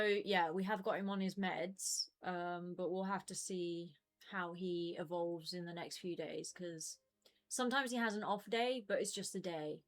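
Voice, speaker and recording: A young woman in her twenties chatting casually with her stream viewers from home, rambling with lots of fillers. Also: on the low side. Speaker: game streamer.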